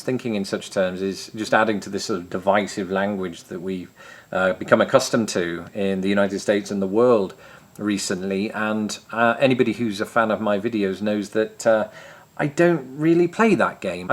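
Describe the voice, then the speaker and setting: A man with an English accent from Grimsby, with some American R sounds, chatting wryly to camera as he answers viewer questions. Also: lowish voice. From England. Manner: chatty and wry, self-deprecating jokes. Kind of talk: casual chat to camera.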